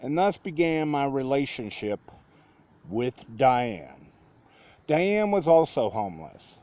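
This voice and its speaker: Slow, reflective storytelling man. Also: medium pitch, big pitch swings, warm tone. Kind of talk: personal story narration.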